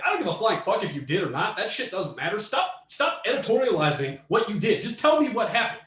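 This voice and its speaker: Man, podcast rant, swearing and shouting, very high-pitched, roomy echo. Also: big pitch swings, normal speed. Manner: profane, heated, often shouting. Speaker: podcast co-host. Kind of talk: ranting commentary on a reader story.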